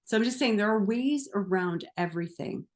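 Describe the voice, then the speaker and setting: A woman's voice: medium pitch, brisk. A woman who works as a therapist and coach, speaking straight to the viewer in a chatty motivational talk, laughing often and leaning on "like" as she goes. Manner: chatty, animated, laughs often, uses "like" a lot. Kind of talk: casual motivational talk to camera.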